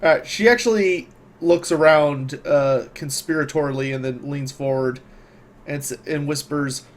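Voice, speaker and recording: Slightly high-voiced man game master. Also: measured pace. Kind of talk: narrating a tabletop game.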